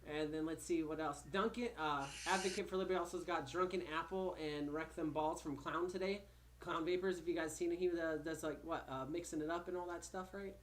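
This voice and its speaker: Brief: laid-back host, middle pitch, greets chatters one by one. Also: steady tone, a little fast. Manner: easygoing, greeting viewers by name. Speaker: podcast host reading the live chat. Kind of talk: casual chat.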